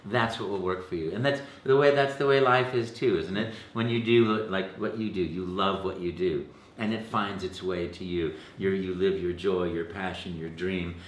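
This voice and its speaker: A man, a voice actor, telling stories in a casual interview, animated and full of restarts, jumping into a high pitch when he acts out quotes. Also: echoey room. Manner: halting restarts, repeated words. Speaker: voice actor guest.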